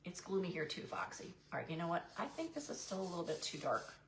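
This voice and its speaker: Woman craft-stream host, deep voice, folksy "y'all" chatter, echoey room. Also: big pitch swings, fast talker, a little hiss or hum. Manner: chatty and goofy, answers live chat by name; says "y'all" to viewers. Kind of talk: live painting demo, chatting with viewers.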